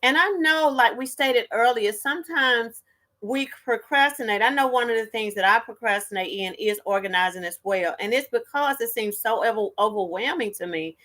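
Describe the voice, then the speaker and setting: A woman's voice: a little high, moderate pace, fairly bright tone. A woman hosting a casual live stream, chatty and greeting viewers by name.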